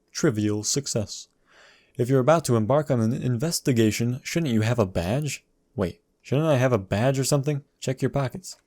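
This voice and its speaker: A man's voice: mid-range voice, a little mellow. A man casually commenting on a video game walkthrough, reading the game's text aloud and adding dry jokes.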